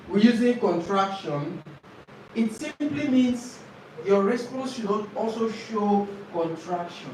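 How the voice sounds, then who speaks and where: A man teaching a speaking-test lesson, repeating and modelling answers slowly and emphatically. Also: high-pitched, animated, slight background noise. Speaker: IELTS speaking coach. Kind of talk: classroom lesson to camera. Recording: very echoey classroom from far off.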